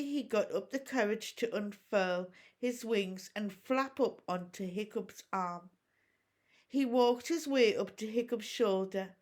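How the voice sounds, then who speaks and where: Slow-reading woman teacher. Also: mid-range voice. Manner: expressive, measured storytelling. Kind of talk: reading a storybook aloud.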